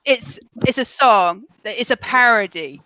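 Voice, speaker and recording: Bright-voiced critical woman on a call. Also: a little high, lively intonation, a little slow. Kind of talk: casual live-stream chat. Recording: dull call audio.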